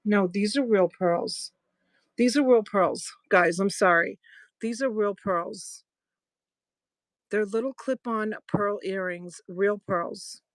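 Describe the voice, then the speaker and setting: A woman's voice: mid-range voice, slow, no echo. Chatty woman selling jewelry live. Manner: chatty, affectionate, thanks viewers by name. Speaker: live-stream jewelry seller. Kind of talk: casual live-selling chat.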